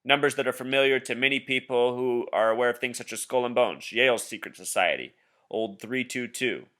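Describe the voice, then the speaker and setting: Speaking a little fast in a pushed, bright voice of medium pitch, a male video blogger explains his theories over a screen share. He's casual yet insistent and conspiratorial, calling his viewer "Truth Seeker."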